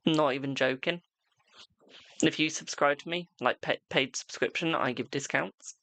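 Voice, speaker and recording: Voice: medium pitch, moderate pace, a bit bright, no room sound. A tarot reader chatting on a live stream at home, reading cards for viewers and calling them "my darling" between frequent laughs. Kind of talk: casual live-stream chat and card reading.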